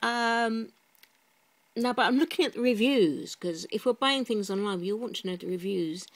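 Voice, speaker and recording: A woman's voice: fairly high pitch, moderate pace, low-quality recording. A woman vlogger giving sarcastic, mock-pious commentary as she reads product reviews aloud, chatty and full of asides.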